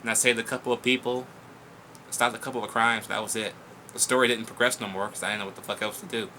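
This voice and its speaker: A young man hosting a casual viewer Q&A vlog, blunt, profane and excitable as he reads and answers questions. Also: lowish voice, fast talker, slight background noise.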